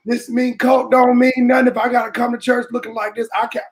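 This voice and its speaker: A man giving an impassioned, preaching-style talk, colloquial and animated, often shouting for emphasis to his listeners. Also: very high voice, a little fast, a crowd in the background. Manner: colloquial, calls listeners "baby" and "y'all". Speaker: speaker addressing a church audience.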